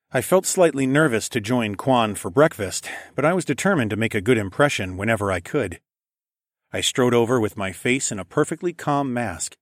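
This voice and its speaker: Calm low-voiced male narrator. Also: no room sound, studio quality. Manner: calm, even storytelling. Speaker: audiobook narrator. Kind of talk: first-person scripted narration.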